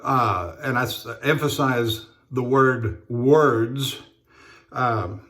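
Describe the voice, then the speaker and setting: A man talking casually while he shaves, in a halting, rambling way with many fillers and restarts. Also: mid-range voice, fairly bright tone. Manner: rambling storyteller. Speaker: straight razor shaving vlogger. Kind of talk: casual talk while shaving.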